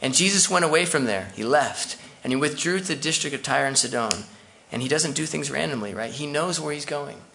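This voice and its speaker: A male pastor delivering a sermon in a conversational way, dropping asides to his church as he goes. His voice is gravelly with a bright, forceful edge. A faint noise sits under the recording. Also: medium pitch, a little fast, hardly any pauses.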